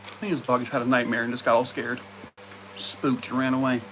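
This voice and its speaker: A man's voice: mid-range voice, level tone, a little fast, loud music behind the voice. A man on a casual live stream, rambling with lots of fillers and breaking off to talk to his dogs at home. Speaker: live streamer chatting with viewers.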